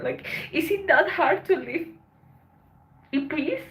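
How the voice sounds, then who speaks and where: Tearful high-voiced woman, slow halting talk. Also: expressive, fairly bright tone, low-quality recording. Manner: halting, swearing, voice breaking with tears. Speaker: livestream host. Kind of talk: emotional casual livestream chat.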